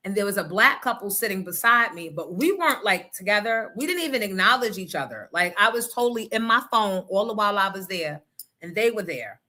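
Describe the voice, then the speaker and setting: A woman hosting a radio show, telling a story in a loud, animated, profane and blunt way. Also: medium pitch, fairly quick. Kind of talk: casual storytelling rant.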